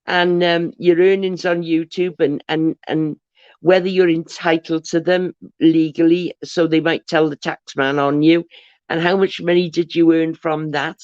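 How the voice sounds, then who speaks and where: A woman's voice: sits low, level tone, unhurried, a little mellow, clear, resonant tone, no room sound. Chatty rambling woman on lo-fi stream. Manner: chatty storyteller, rambling with restarts. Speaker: livestream host. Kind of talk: casual livestream chat. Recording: dull lo-fi dry livestream audio.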